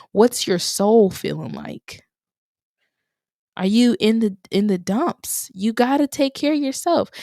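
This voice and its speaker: A woman's voice: lowish voice, a little mellow, no room sound, clean studio sound. A young woman hosting a podcast on her own, talking in an encouraging way and repeating phrases for emphasis. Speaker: podcast host. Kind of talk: motivational solo podcast talk.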